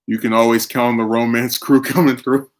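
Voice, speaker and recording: A man's voice: mid-range voice, level tone, a little fast. A man streaming, chatting casually and arguing his opinions while reacting to his chat. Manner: opinionated, argumentative.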